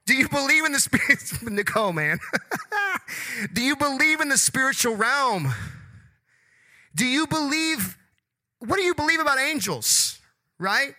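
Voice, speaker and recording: A man preaching a sermon as pastor in a church, energetic and conversational, full of rhetorical questions. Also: extremely high pitch, a little slow, long pauses. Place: church sanctuary.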